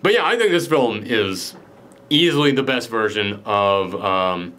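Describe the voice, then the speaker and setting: A man's voice: fairly low pitch, animated, measured pace, bright, forceful tone. A young man chatting through a film's ending with a friend in a loose, casual way, swearing now and then. He slips into quoted lines as he retells scenes, in his everyday speaking voice. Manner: loose, profane, acts out quotes. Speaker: film reviewer. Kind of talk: casual spoiler chat.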